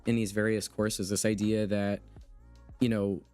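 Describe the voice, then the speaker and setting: A man's voice: lowish voice, flat delivery, measured pace, darkish tone, faint music behind. Impassioned man hosting a livestream chat. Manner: emphatic and impassioned, reads out chat comments. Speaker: livestream host interviewing a guest. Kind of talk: casual livestream conversation.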